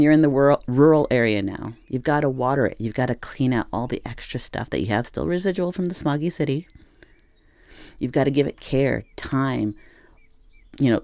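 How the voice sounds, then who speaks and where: A tarot reader with a soft, mellow tone, speaking encouragingly straight to the viewer. The delivery is earnest and searching, full of restarts and repeated phrases. The sound is close and dry, with no room around it. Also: medium pitch, dry recording. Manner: gentle, encouraging, talks to the viewer as "you". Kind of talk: intuitive tarot reading to camera.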